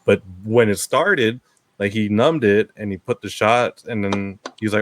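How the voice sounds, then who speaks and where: A man co-hosting a podcast, telling a story in an animated way and jumping high in pitch for quoted lines. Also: moderate pace, slight background noise. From Filipino family. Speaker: podcast co-host. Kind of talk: casual podcast chat.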